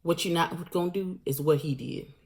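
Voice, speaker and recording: A woman vlogger recapping a show in a blunt, animated, slangy storytelling manner. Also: fairly low pitch, moderate pace, gravelly. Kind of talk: casual recap monologue.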